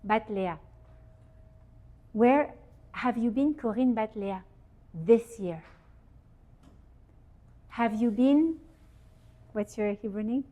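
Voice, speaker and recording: A woman teaching at a holiday gathering, her voice sitting a little high. She talks in an animated, conversational way and turns to the audience with questions. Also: slow pace, long pauses, narrow, tinny audio. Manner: lively, asks the audience questions. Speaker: speaker giving a Torah talk. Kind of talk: informal religious teaching. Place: event hall with audience.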